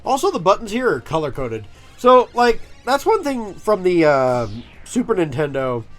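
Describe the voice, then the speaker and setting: A man's voice: high-pitched, sing-song, normal speed, soft background music. A man chatting casually while playing a video game, rambling with plenty of likes and uhs. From United States. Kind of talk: let's-play commentary.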